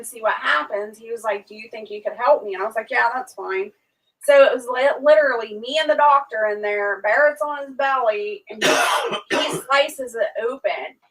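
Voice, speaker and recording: A woman's voice: far from the mic, rough recording. A woman hosting a livestream, casually telling a long story and acting out what people said. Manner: animated, acts out quotes with raised pitch.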